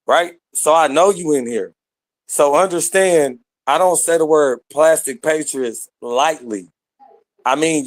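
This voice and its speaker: A man's voice: on the high side, no room sound. A man ranting at listeners in an online audio room, confrontational and full of slang and swearing. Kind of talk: heated rant.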